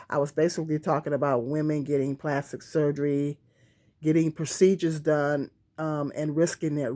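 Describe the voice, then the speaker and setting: A woman's voice: low voice, a little mellow. A woman talking casually to camera on a tripod, rambling with many fillers and restarts. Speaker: vlogger. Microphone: phone or camera on a tripod.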